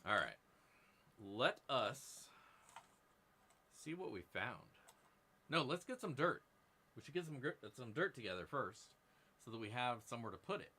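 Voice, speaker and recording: A man's voice: medium pitch, big pitch swings, normal speed, long pauses, sharp tone, slightly rough. A man hosting a casual live stream, joking and rambling to his viewers while he works at a workbench. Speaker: live-stream host prospecting for gold. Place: indoor workbench.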